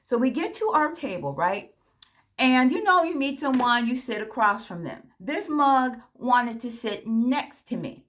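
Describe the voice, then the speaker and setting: A woman's voice: fairly high pitch, big pitch swings, a little slow, fairly bright tone. A woman vlogger telling a story in a casual, chatty way, talking straight to her viewers, frank and candid. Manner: chatty, addresses viewers directly.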